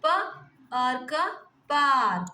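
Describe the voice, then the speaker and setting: A woman's voice: high voice, lively intonation, extremely slow, sharp tone. A woman with an Indian English accent teaching phonics, sounding out letters and words one by one and repeating each. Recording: echoey room.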